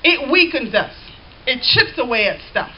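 A woman's voice: high voice, sing-song, moderate pace. A woman pastor preaching a sermon, reading scripture aloud and calling out to the congregation. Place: church. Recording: dull lo-fi church recording with faint hiss.

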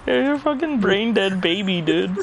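A man's voice: high-pitched, animated, moderate pace, gravelly, a little hiss or hum. A man streaming a game and chatting with friends, teasing them crudely and laughing often. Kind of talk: casual chat with friends while gaming.

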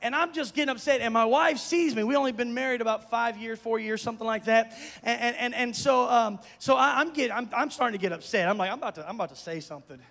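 Male pastor, high-pitched, storytelling sermon that builds to shouts, echoing church hall. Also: fast talker, vocal fry, hardly any pauses. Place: church sanctuary. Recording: long reverb of a church hall.

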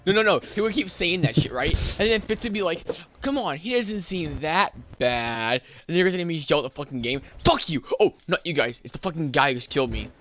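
A man's voice: a little high, rapid-fire, few pauses, a bit bright. A man chatting casually with friends while gaming, swearing as he tells a story. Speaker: gamer. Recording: game gunfire noise under voice.

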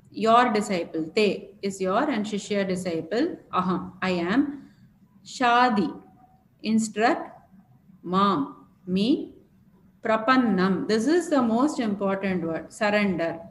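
A woman explaining a scripture word by word in a lecture, pausing often with fillers. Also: a little high. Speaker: scripture teacher. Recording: echoey room with faint noise.

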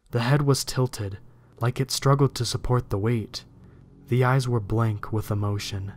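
Man narrating a horror story. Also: medium pitch. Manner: steady, measured storytelling reading.

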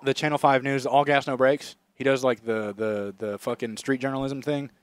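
A young man riffs crudely on a podcast and swears freely while he jokes around. His voice sits at an ordinary middle pitch. It is recorded close and dry, with no room echo. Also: fairly even intonation, normal speed, smooth. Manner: profane, joking, drifts into bits. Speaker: podcast co-host. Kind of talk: crude casual chat. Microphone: studio microphone.

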